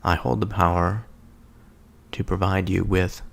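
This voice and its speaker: A man with a very low, gravelly voice reads scripture and muses over it. His delivery is slow and halting, full of pauses and searching fillers, like someone thinking aloud in a quiet reflection. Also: steady tone. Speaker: solo speaker reflecting on scripture. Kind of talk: contemplative scripture reading and reflection.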